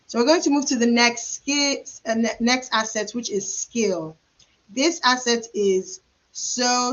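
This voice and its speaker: Woman, mid pitch, coaching trainees over a slightly muffled webinar feed, chatty and emphatic. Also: a bit bright. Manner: conversational, emphatic repetition, acts out client dialogue. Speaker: trichologist and career coach. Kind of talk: live webinar teaching. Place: private hair practice suite.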